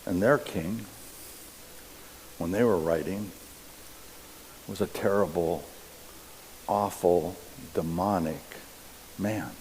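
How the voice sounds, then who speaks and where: A man delivers a sermon at an unhurried, measured pace, and his fairly low voice carries a long reverb from the church sanctuary. He reads scripture and works through it with careful, deliberate explanation. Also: a little mellow, a little hiss or hum. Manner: slow, deliberate preaching with scripture readings. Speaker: pastor.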